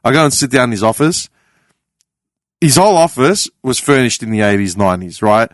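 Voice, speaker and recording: An Australian man on a podcast panel, telling a story in a casual, animated way. He acts out the people in his story, swears casually and laughs often. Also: mid-range voice, brisk, dry recording, studio quality.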